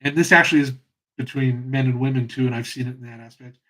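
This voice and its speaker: In a reflective solo talk, a male host with a husky, slightly rough, middling-pitched voice speaks earnestly and with passion about his own experience, pausing and restarting as he goes. His tone is steady and a bit bright, and the audio is poor.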